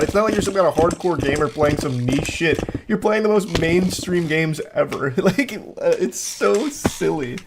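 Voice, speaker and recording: A man's voice: a little high, background noise. A man doing reaction commentary while reading out text messages, incredulous and mocking, with a profane way of talking and a voice that cracks when he is exasperated.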